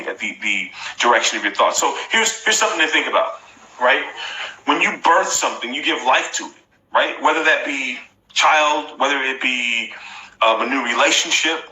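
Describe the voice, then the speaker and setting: A man's voice: medium pitch, pushed and bright. A man in his forties giving a motivational live-stream talk, repeating phrases emphatically and coaching his viewers directly. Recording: echoey room.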